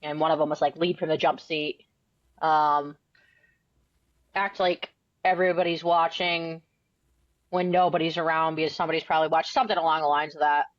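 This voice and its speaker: Blunt, fast-talking young woman. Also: low-pitched, flat delivery, no room sound, muffled recording. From New England. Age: 20s. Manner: blunt, outspoken, slangy and quick. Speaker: firefighter and author, podcast guest. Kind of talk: casual interview storytelling.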